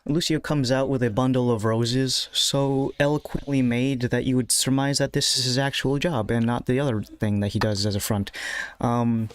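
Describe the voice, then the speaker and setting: A man running a tabletop game as game master, narrating in a relaxed, rambling way with many fillers. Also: mid-range voice, moderate pace, clean tone.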